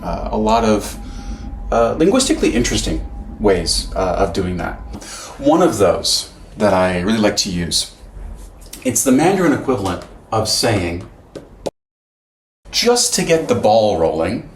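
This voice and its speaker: A man's voice: mid-range voice, very animated, brisk. A man giving a casual whiteboard lesson, rambling with lots of fillers and self-corrections. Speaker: language teacher. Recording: echoey room, faint background noise.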